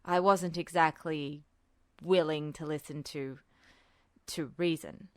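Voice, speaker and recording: A woman voicing a weary adult male army officer, dry and protective, speaking low with wry understatement. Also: steady tone, slow, dry recording. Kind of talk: podfic reading.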